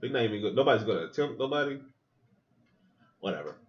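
Male podcast host with a very animated, crude watch-along delivery and a muffled lo-fi sound. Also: medium pitch, quick pace. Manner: loose, profane, joking running commentary. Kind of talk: casual movie watch-along commentary.

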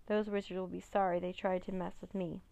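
A woman reading the lines of a gloating, commanding male dark wizard villain in a storybook. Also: fairly low pitch, flat delivery, fairly quick, gravelly.

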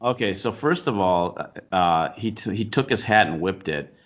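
A man's voice: low voice, expressive, moderate pace, lo-fi sound. A man co-hosting a casual talk show, telling a baseball story with lots of restarts and laughter. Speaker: co-host, baseball coach. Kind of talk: casual chat.

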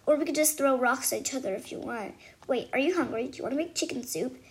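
A woman's voice: high-pitched, fast. A woman reading a storybook aloud, voicing a bossy little girl with a scratchy voice who fires off questions. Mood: pushy.

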